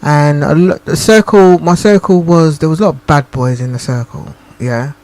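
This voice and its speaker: A woman's voice: deep voice, normal speed, darkish tone. A woman co-hosting a radio talk show, making her points emphatically and checking that she is understood. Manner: emphatic, repeats points and asks "do you understand?". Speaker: co-host.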